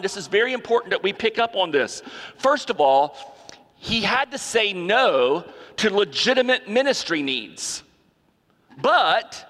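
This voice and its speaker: Bright-voiced preacher in a reverberant hall. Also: male voice, sits high. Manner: preaching with emphatic repetition and rhetorical questions. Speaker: pastor. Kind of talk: sermon.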